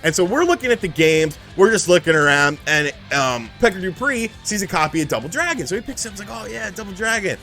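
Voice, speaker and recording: A man casually telling a profane, animated story about retro video games, acting out the people in it. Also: on the high side, fast talker, few pauses, soft background music. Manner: profane, animated, acts out the people in his stories. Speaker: channel host.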